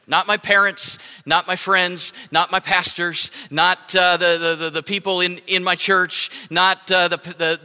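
A man preaching a sermon as pastor, repeating phrases with halting restarts and emphatic lists. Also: a little high, bright, forceful tone, in a large hall.

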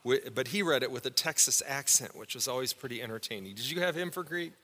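A man's voice: mid-range voice, lively intonation, fast, sharp tone, big-room sound. A man preaching a sermon in a church, teaching a Bible word study in a conversational way and asking the congregation questions. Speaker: pastor. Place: church sanctuary.

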